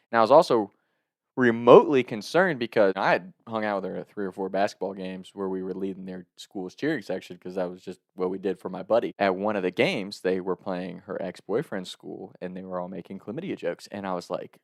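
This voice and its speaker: A man's voice: fairly low pitch, brisk, no echo, clean studio sound. Laughing young-sounding man telling a story. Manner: laughs often, animated, swearing, filler-heavy. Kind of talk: casual comedic storytelling.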